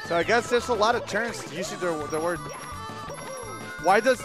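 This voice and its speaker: A man's voice: sits high, animated, measured pace, soft background music. A young man streaming a game and rambling through a casual story, with lots of likes and restarts.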